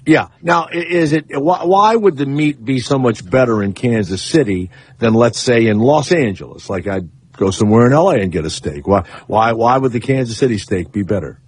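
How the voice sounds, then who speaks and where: Husky, lively radio talk host. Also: male voice, normal speed, no room sound. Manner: rambling, sarcastic, swings up high for emphasis. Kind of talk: comic radio monologue and call-in chat. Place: radio studio. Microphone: studio microphone.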